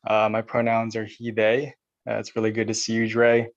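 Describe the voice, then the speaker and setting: A man introducing himself softly with fillers on a video call. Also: on the low side, normal speed. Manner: soft, flat, with fillers. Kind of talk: casual self-introduction. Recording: muffled distant video call audio.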